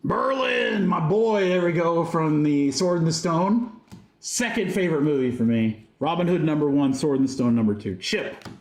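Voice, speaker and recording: Here a trading card break host chats casually on a livestream, listing card names as he opens packs and talking to his viewers between them. His voice is a little high, expressive, and darkish in tone, delivered at a moderate pace in a reverberant space.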